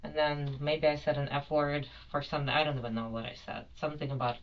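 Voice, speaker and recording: A woman's voice: low-pitched, flat delivery, fast, muffled recording. A woman giving a rambling, apologetic account in a police interview, full of fillers. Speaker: detained airline passenger.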